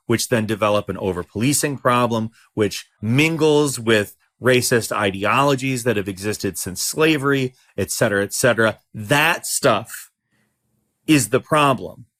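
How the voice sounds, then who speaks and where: A man's voice: medium pitch, fairly bright tone. A man co-hosting a podcast, arguing his political points in a heated, emphatic way. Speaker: podcast co-host. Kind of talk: casual political discussion.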